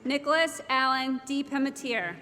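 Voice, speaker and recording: In a large ceremony hall, a woman at a podium microphone reads graduates' names one by one, slow and measured. Her voice sits high, with slight background noise. The hall is echoey and the crowd ambience loud.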